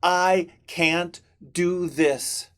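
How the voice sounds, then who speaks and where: A man's voice: high voice, fairly even intonation, very slow, a bit bright, clear, resonant tone, exaggerated voice. A man voicing a frightened young man stranded on an island, talking to himself in anxious, pleading bursts. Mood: despairing. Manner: anxious, pleading, self-talk.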